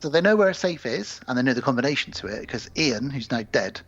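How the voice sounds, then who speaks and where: A man of middle pitch co-hosting a casual film podcast. He retells the story scene by scene, slipping into quick character voices and casual swearing. The audio is a bit dull and lo-fi. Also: expressive, vocal fry, fairly bright tone, husky, soft background music. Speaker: podcast co-host. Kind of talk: casual film review chat.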